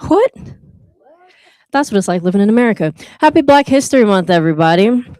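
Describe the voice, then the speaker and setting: A woman's voice: medium pitch, big pitch swings, brisk, mellow, dry recording. A woman hosting a live open mic night, joking with the crowd and reading a poem, with a playful, teasing manner. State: out of breath. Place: live venue with an audience.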